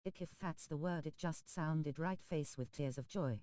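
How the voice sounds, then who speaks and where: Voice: medium pitch, moderate pace, dark tone, a little hiss or hum, rough recording. A text-to-speech voice reading viewer chat messages aloud on a game stream, speaking emoji names and abbreviations literally.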